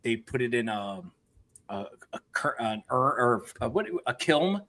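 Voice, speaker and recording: Bright-voiced chatty man. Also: medium pitch, animated, a little slow. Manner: rambling, laughing storyteller. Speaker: podcast guest. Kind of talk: casual chat.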